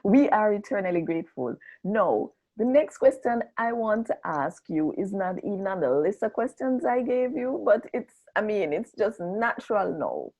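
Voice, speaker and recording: A woman hosting an interview, asking questions and thanking her guest in a measured way. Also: mid-range voice, very animated, a little mellow, low-quality recording. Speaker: interview host.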